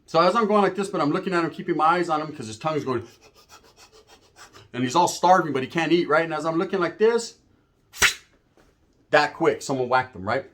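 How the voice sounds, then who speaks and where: A man with a slightly high voice tells a story in casual, streetwise talk. He swears freely, drops slang and keeps checking in with "right?" He slips into the voices of the people he describes. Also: fairly quick, long pauses. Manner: profane, animated, acts out the voices of people in his story. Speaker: storyteller guest.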